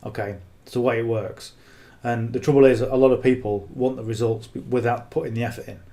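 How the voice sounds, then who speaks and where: A man talks through marketing advice off the cuff, blunt and earnest. His voice is mellow and rather dark, at an ordinary pitch. He keeps tagging his points with "okay?". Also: fairly even intonation, brisk, vocal fry. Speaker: affiliate marketing coach. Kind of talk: casual unscripted coaching talk.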